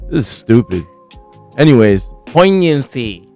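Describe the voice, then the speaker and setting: A man hosting a casual news commentary livestream, talking in profane, slangy rants that get animated when he is worked up. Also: mid-range voice, moderate pace, smooth, no room sound, faint music behind. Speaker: host.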